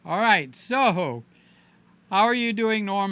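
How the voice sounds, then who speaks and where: A man's voice: sits high, expressive, a little slow, pushed and bright. A man hosting a casual livestream, playful and chatty, greeting viewers by name. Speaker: livestream host.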